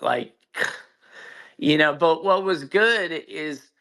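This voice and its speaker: A man's voice: a little high, slow pace, bright, forceful tone. A man telling a personal story in casual chat on an audio call, profane and emphatic, with frequent restarts. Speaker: guest. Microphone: own mic on a social audio call.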